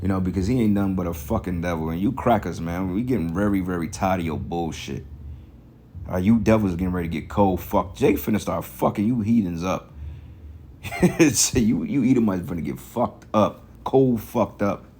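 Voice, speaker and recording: A man's voice: sits low, moderate pace, dark tone, a little hiss or hum. A man preaching an angry, profane street sermon in African American Vernacular English, ranting and cursing between scripture readings. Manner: reads scripture aloud.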